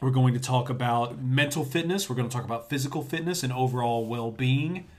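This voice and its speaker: A man's voice: mid-range voice, brisk. Joking man hosting a podcast. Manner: joking, mock-formal introductions. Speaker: podcast host. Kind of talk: casual podcast chat.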